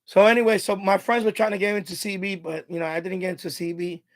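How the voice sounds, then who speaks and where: A middle-aged man with a rather high, gravelly voice tells stories in a loose, rambling way. He laughs often and circles back on his own phrases. The sound is close and dry, with almost no room around him. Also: flat delivery, fast, dry recording. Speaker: live stream host. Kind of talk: casual storytelling monologue.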